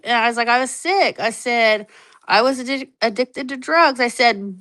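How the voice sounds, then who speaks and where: A woman in her thirties telling her own story candidly on a podcast, animated, acting out the voices she quotes and swearing freely. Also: on the high side, moderate pace, rough recording. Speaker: podcast guest.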